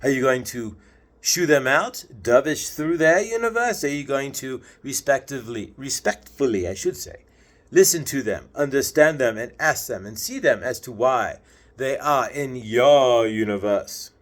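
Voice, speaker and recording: A man channeling a spiritual message, preachy and questioning, with slow stretches and sudden high swells. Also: lively intonation.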